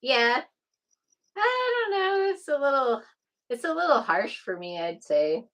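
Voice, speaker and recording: A woman's voice: sits high, very animated, measured pace, fairly bright tone. A woman from the US West Coast co-hosting a casual live chat from home, chatty and laughing often. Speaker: co-host.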